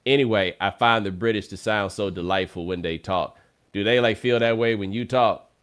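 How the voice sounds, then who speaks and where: Male podcast host, bright and forceful tone, playful and teasing. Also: on the low side, moderate pace, clear, resonant tone. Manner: playful, laughs often, teasing. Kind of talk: casual talk show hosting.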